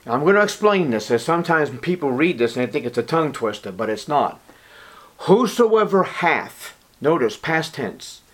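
A man's voice: medium pitch, a bit bright. A man preaching a Bible sermon, emphatic and dramatic, sometimes dropping to a whisper. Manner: emphatic, drops to a whisper for quoted lines.

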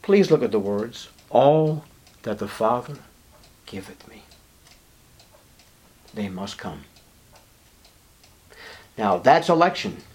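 A man preaching a sermon, swinging between low murmurs and high, emphatic declarations and stretching out words for emphasis. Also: lively intonation, slow, pauses often, darkish tone, slightly rough. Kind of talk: evangelical sermon.

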